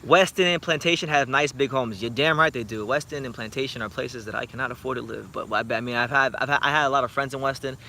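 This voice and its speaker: A man's voice: medium pitch, steady tone, quick pace, hardly any pauses, bright, forceful tone, slight background noise. A young man from South Florida, talking boxing in a blunt, profane, joking late-night vlog chat. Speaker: boxing YouTuber.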